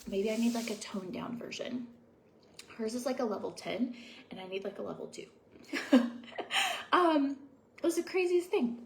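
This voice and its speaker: A woman's voice: fairly high pitch, animated, moderate pace, gravelly, pauses often, a little hiss or hum. A young adult woman chatting casually at home while doing her skincare routine, rambling and confiding with lots of fillers. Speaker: beauty vlogger.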